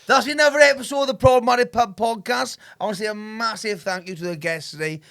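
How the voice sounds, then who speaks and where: A man's voice: high-pitched, fast talker, vocal fry, a bit bright. A male podcast host wrapping up a show with loose, joking banter. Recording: noisy podcast recording.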